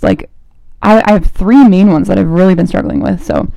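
Young woman, college age, casual faith podcast host; chatty, filler-heavy, mellow tone, dry close sound. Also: mid-range voice, gravelly, no room sound. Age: young adult, college student. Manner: chatty and animated, full of "like" fillers, quick laughs.

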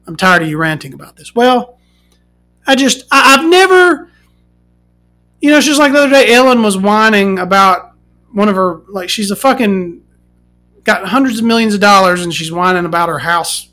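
A woman hosting a podcast, ranting casually and swearing, swinging from loud outbursts to muttering. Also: mid-range voice, normal speed, long pauses. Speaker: podcast host.

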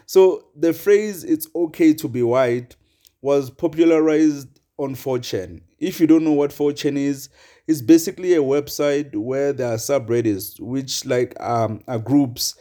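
A young man talks loosely into his podcast mic, looping back on himself with "uh" and "like" and chuckling between points. His voice is dark and mellow, and his pitch sits in an ordinary middle range. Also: a little slow. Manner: rambling, chuckling, many fillers. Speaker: podcast host. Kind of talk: casual solo podcast monologue.

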